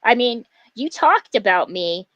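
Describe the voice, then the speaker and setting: A woman livestreamer rants angrily at a rival, swearing often and stumbling through fillers and restarts. Her voice is a little high, expressive and a bit bright, though she takes her time. The audio is lo-fi with no echo.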